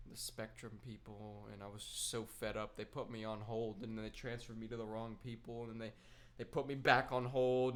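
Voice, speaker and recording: A man's voice: mid-range voice, fairly bright tone. Laid-back young man rambling casually. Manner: rambling, laid-back storytelling with slang and swearing. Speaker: gaming streamer. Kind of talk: casual chat while gaming.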